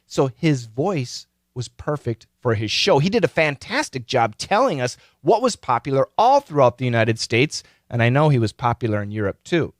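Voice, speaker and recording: A man hosting a podcast, giving casual advice in an animated, explanatory way. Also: normal speed, few pauses, no room sound, studio quality. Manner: animated, explanatory, pitch leaping on key words. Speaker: podcast host.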